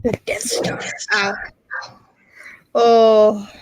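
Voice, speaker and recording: A woman's voice: mid-range voice, flat delivery, drawn-out words, low-quality recording. A woman co-hosting a podcast in casual, playful chat, often laughing. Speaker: podcast co-host.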